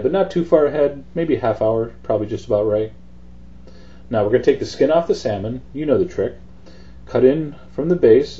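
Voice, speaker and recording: A man's voice: medium pitch, muffled recording. A man hosting a cooking demonstration, talking through each step in a chatty, easygoing way. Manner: chatty, relaxed instruction with fillers. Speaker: cooking show host.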